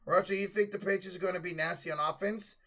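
High-voiced man calling live play-by-play. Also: quick pace. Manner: loud excited calling on big plays; casual, swears freely, answers chat. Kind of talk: live play-by-play commentary and chat.

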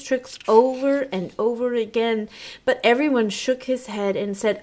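Slow, high-voiced woman reading a storybook. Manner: slow and expressive, with asides to the listeners. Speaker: teacher. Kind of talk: reading a picture book aloud to children.

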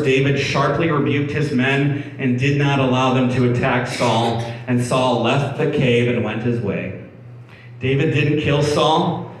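A male pastor giving a sermon, reading scripture and explaining it conversationally, often restarting and repeating words. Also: medium pitch. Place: church hall. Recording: echoey room, mic at a distance, faint background hum.

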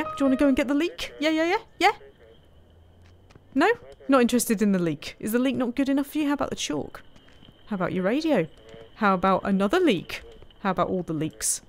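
A woman commenting casually as she plays a video game, chatty and often laughing, teasing the characters on screen. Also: medium pitch. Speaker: gaming streamer. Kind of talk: casual let's-play commentary.

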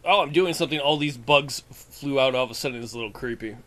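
A man's voice: medium pitch, fast, sharp tone. A man co-hosting a podcast, giving sympathetic, joking replies in casual chat. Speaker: podcast co-host.

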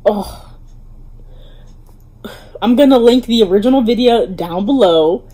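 A woman's voice: fairly high pitch, lively intonation, measured pace, long pauses, warm tone. A woman hosting a casual music video reaction, gushing with enthusiasm and asking viewers to like and subscribe. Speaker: YouTube reaction host.

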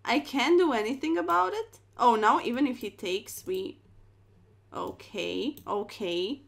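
A woman's voice: a little high, lively intonation, a little slow, vocal fry. A young woman streaming chess, commentating her moves with playful slang and dramatic exclamations.

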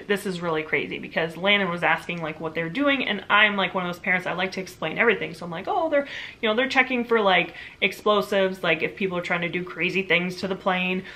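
A woman in her thirties, a mother casually recounting a story in her vlog, chatty and full of "like". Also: mid-range voice. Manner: chatty, lots of "like", animated retelling. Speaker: vlogger, mother.

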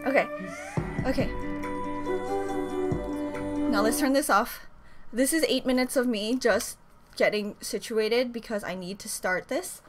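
A woman giving an excited reaction commentary, gushing and squealing with repeated exclamations over faint music. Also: fairly high pitch, measured pace, pauses often. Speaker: reaction video creator.

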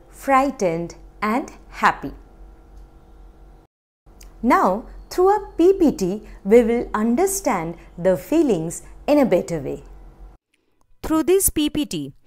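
A woman's voice: medium pitch, big pitch swings, takes it slowly, darkish tone. A woman teaching a kindergarten class in Indian English, asking the children many questions and having them repeat each word after her. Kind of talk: slow, sing-song teaching to young children.

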